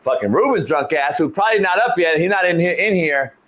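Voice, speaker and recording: High-voiced man telling a wild story. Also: fairly quick. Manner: animated storyteller, swears freely, says "homie" a lot. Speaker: podcast host. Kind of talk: casual chat.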